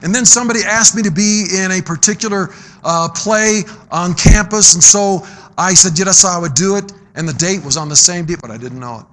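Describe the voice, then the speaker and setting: High, bright-voiced man preaching. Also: moderate pace. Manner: swings from loud emphatic exhortation to low quiet storytelling. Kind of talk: sermon.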